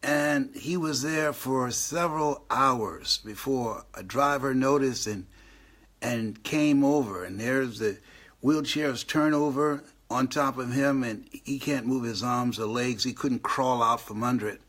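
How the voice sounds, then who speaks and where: A man's voice: medium pitch, a little slow. An older man who is a motivational speaker, telling his story in a live online talk. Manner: animated storyteller, acts out the voices of people he quotes. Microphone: online live broadcast.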